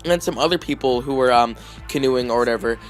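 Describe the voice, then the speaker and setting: A man's voice: medium pitch, fast talker, soft background music. Rambling young man telling a story. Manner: rambling, heavy with fillers and restarts. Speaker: vlogger. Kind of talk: casual storytelling to camera.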